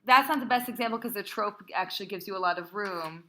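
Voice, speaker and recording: A woman cantor teaching a small class how to chant Torah trope, chatty and encouraging, often checking with "right?" and singing phrases slowly. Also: mid-range voice, sharp tone. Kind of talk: informal small-group class.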